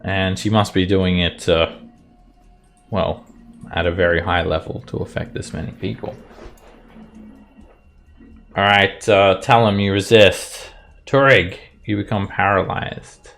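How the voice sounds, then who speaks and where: Deep gravelly game master. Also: male voice, steady tone, a bit bright, soft background music. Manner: slow, deliberate, with frequent fillers. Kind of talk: narrating a tabletop game.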